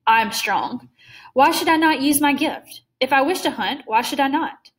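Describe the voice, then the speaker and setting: A woman voicing a suave, cruel older male aristocrat hunter in a storybook reading, smooth, genteel and mocking. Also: high-pitched, expressive, moderate pace, poor audio. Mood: condescending.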